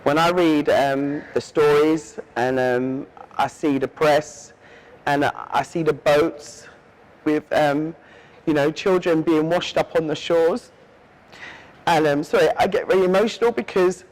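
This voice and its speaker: A woman's voice: sits low, unhurried, darkish tone, low-quality recording. A woman from England giving heartfelt, emphatic interview answers and often checking in with "yeah?". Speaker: interview guest.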